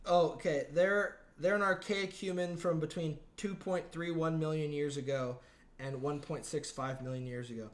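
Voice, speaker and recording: A man's voice: on the high side, steady tone, moderate pace. A man co-hosting a casual comedy podcast, rambling and laughing, slipping into mock voices now and then. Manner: rambling, laughs often, mimics accents. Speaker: podcast co-host.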